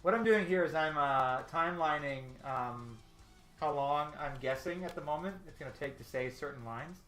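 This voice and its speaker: A man's voice: fairly high pitch, moderate pace, fairly bright tone. A man casually chatting on a live stream while working, rambling and laughing often. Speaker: artist hosting a storyboarding stream. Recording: echoey room with faint music.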